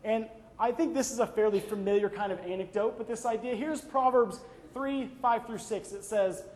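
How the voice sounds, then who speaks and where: A man's voice: sits high, normal speed. A young man giving a conversational devotional talk full of personal anecdotes and "right?" asides. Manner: conversational, frequent "right?" tag questions. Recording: long reverb of a large hall.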